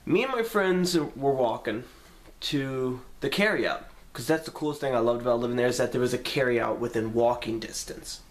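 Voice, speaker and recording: A young man telling a story to the camera in a casual, profane way, acting out his own lines with sudden jumps in pitch. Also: moderate pace. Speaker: vlogger.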